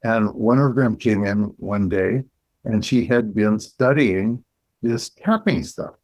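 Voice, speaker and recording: Low-voiced man, measured storytelling. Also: lively intonation, darkish tone, rough recording. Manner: measured and reflective, with pauses and restarts. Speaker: guest, clinical psychologist. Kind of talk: storytelling in an interview.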